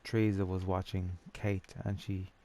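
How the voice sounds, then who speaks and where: A man's voice: low voice, little pitch movement, moderate pace, mellow. A young Irish man telling a story in a rambling, chatty way with swearing, over a game. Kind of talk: casual storytelling over gameplay.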